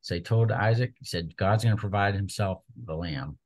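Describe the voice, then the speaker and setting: A man's voice: on the low side, normal speed, rough recording. A man leading a small Bible study group, retelling scripture in an earnest, conversational way.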